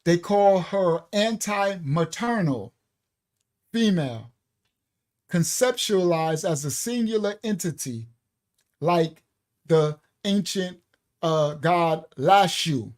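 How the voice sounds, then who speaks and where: Teaching a bible study on a live stream, this New York-accented man speaks in a high, expressive, somewhat mellow voice. He reasons his way through the material with frequent pauses and restarts, spells terms letter by letter, and breaks off now and then to speak directly to his audience.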